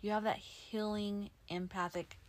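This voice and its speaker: Woman, podcast co-host, casual chat, fast tumbling words, closet recording. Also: mid-range voice, flat delivery. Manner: talks fast, words tumbling, self-described as slurring. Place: walk-in closet with comforter and pillows.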